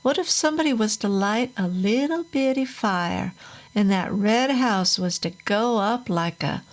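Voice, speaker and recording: A woman voicing a bitter, hard-drinking factory-worker father with a gruff, bellowing way of talking. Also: medium pitch, lively intonation, measured pace, close to an everyday voice. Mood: drunken menace.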